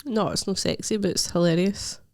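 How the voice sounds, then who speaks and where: A woman's voice: mid-range voice, steady tone, fairly quick. A young Scottish woman co-hosting a comedy podcast, chatting bluntly and laughing often. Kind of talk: casual chat.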